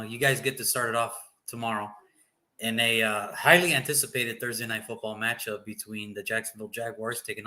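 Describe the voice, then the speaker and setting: A man's voice: medium pitch, bright, forceful tone. A man hosting a casual sports talk show, chatty and teasing, often repeating his phrases.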